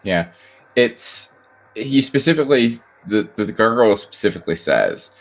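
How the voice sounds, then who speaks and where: A man's voice: fairly low pitch, big pitch swings, moderate pace, faint music behind. A man co-hosting a podcast, chiming in with blunt, profane, joking comments on a horror movie. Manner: blunt, profane, jokey asides. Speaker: podcast co-host. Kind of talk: casual film-review chat.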